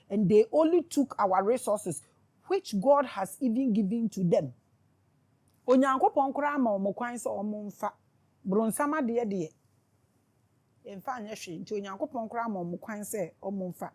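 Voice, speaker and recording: A woman's voice: a little high, animated, normal speed, a little mellow. A woman speaks to her viewers as a spiritual commentator, in a fervent, sarcastic monologue full of repeated questions. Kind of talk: impassioned monologue to camera.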